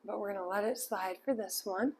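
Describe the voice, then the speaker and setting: A woman dog trainer calmly explaining a lesson, with firm short commands to a puppy. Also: medium pitch, a little fast, slightly rough. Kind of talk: instructional demonstration.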